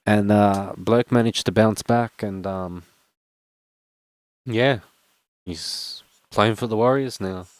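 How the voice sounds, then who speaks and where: A young card-opening vlogger chats casually as he unboxes trading cards, rambling and making jokes at his own expense. His lowish voice is slow with frequent pauses, and there's no echo.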